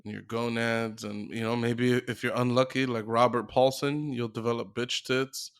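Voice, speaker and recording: A man of middle pitch chats loosely on a podcast, piling up fillers and swear words as he thinks aloud. His voice sits plainly in the middle of the range. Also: little pitch movement, normal speed, clean tone. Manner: rambling, filler-heavy, profane. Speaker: podcast co-host. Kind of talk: casual chat.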